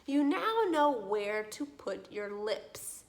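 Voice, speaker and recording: A young adult woman giving a children's speech lesson, speaking slowly and clearly with encouraging questions. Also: mid-range voice. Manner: slow, clearly articulated, encouraging teacher talk with lively questions. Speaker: speech therapy teacher.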